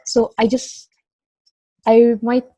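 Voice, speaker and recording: A woman's voice: fairly high pitch, monotone, slow pace, mellow, dry recording. A woman in her twenties with a Sabahan Malaysian English accent, talking hesitantly as an interview guest. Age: 20s. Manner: hesitant, many restarts and fillers. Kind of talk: casual interview talk.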